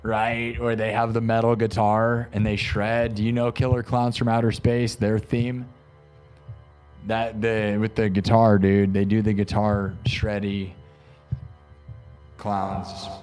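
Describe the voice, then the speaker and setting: A man's voice: lowish voice, little pitch movement, slow, darkish tone, soft background music. A man hosting a live stream, chatting casually and rambling with lots of "like" and "dude.". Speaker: live-stream host and improv musician. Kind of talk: casual chat.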